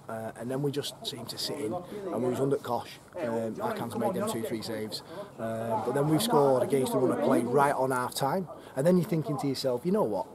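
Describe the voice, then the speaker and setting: A man, a football club manager giving a frank, rambling post-match interview outdoors on a freezing night, swearing casually. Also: mid-range voice. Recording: noisy outdoor ambience.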